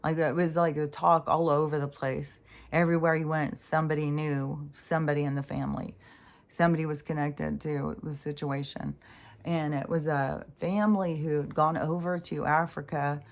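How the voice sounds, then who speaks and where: A middle-aged woman with a low-pitched voice talks in a loose, rambling vlog monologue. She fills her speech with ums, likes and restarts, and swears freely. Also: flat delivery, moderate pace. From Pacific Northwest US. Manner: rambling, profane, many fillers and restarts. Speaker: spiritual vlogger.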